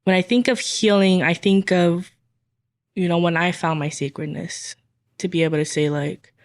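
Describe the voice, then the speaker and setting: A woman co-hosting a podcast, speaking casually and warmly, affirming her guest with frequent "like" and "you know.". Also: lowish voice, fairly even intonation, moderate pace. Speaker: co-host. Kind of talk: reflective podcast conversation.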